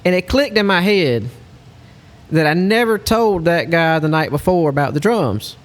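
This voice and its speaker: A man, a hunting lodge guide, telling a story in a casual, animated way. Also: on the high side, normal speed. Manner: animated storyteller, Southern-style speech.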